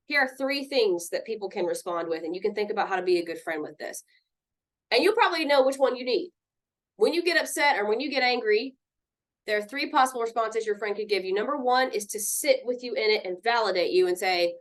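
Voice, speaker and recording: A woman's voice: mid-range voice, quick pace. A woman teaching a mindfulness lesson on handling anger, talking casually and acting out what friends might say. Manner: lively, conversational, acts out quoted friends.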